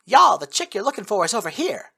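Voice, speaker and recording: A man's voice: high voice, sing-song, a little fast, breathy edge, voice pushed up, full character voice. A man putting on a brash Texan woman soldier. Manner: folksy drawl, loud and brash. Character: brash Texan female soldier, young sniper.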